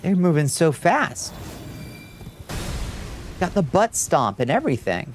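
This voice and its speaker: A man's voice: medium pitch, expressive, a little slow, long pauses, a little hiss or hum. A young man streaming a video game live, chatting casually, answering chat and laughing easily. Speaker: VTuber streamer. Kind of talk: live-stream gameplay commentary.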